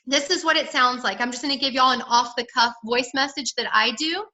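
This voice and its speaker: Bright, high-voiced woman coaching her sales team. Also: fairly quick, poor audio. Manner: upbeat, direct, peppy sales pep talk. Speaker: direct-sales team leader training her team. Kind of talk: motivational coaching on a team call.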